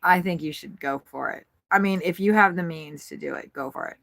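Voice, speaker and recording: A woman's voice: lowish voice, brisk, gravelly, a bit bright, dry recording. Chatty giggly woman with a dry sound. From United States. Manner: chatty, giggly, swears freely. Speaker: bird-watching vlogger. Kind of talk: casual running commentary. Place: RV at a campground.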